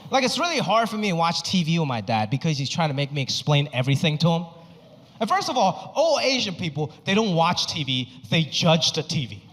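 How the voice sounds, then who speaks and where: A stand-up comedian from Hong Kong in his thirties, performing an animated, exaggerated set on a theater stage. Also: a little high. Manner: animated, exaggerated, quick punchlines. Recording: stage mic in a reverberant hall.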